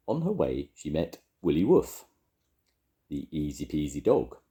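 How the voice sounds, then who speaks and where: An older man reading a children's story aloud, gently chatting with young listeners between lines. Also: extremely low pitch, wildly swooping pitch, unhurried. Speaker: storytelling grandad.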